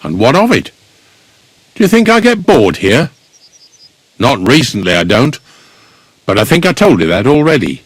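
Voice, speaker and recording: Grumpy gravedigger, lively swinging pitch, dry close sound. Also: male voice, moderate pace, long pauses, breathy edge, no room sound. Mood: gruff. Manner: grumbling, blunt, folksy. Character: gruff older village gravedigger, blunt and grumbling. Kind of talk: video game dialogue.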